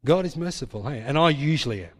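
Aussie guy preaching, bit high voice, keeps going "hey?", big echoey hall. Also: animated, fast. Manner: emphatic, repeats points, tag questions. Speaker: pastor. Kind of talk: sermon. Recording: long hall reverb.

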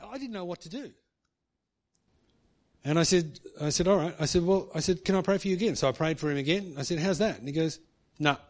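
A man's voice: a little high, a little fast, pauses often. A middle-aged man preaching, telling a personal story in a chatty way and ending remarks with "hey". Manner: chatty, tag questions with "hey". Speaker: pastor. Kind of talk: sermon storytelling.

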